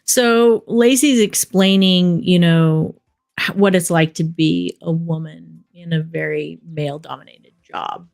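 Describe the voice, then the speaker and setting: A woman's voice: lowish voice, steady tone, a little slow, vocal fry, a little mellow. Rambling woman filmmaker telling stories. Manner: rambling storyteller, many fillers like "you know". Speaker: documentary film director. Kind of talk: casual interview talk.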